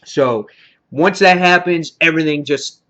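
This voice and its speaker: Excitable man recapping a TV episode. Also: on the high side, measured pace. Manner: excitable, frequent fillers and mild swearing. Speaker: TV show reviewer.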